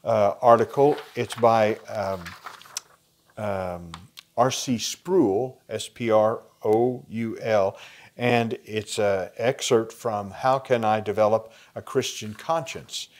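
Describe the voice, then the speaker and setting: A man with an American accent explaining a Bible passage in a conversational lesson, pausing with fillers. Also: lowish voice. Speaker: Bible study teacher. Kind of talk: teaching a lesson plan.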